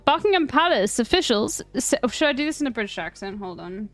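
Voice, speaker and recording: A South African woman streamer reading an article aloud in casual chat, breaking off with wry, swearing asides and halting restarts. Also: a little high, very animated, fairly bright tone, soft background music.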